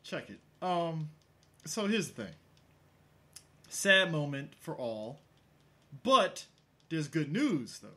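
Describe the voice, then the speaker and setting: Jokey man with a lively voice. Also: on the high side, takes it slowly, long pauses. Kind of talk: casual chat recapping a show.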